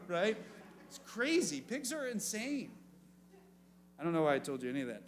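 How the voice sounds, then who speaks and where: A youth pastor telling a story with lots of energy and funny voices, and asking the room questions. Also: male voice, high-pitched, very animated, normal speed, pauses often, fairly bright tone. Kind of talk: youth sermon.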